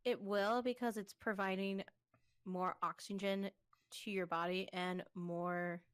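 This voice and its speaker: A woman's voice: mid-range voice, unhurried, clear, resonant tone. A woman co-hosting a casual chat, telling stories with lots of laughter and acted-out quotes. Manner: animated storyteller, acts out quotes, laughs often. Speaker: podcast co-host.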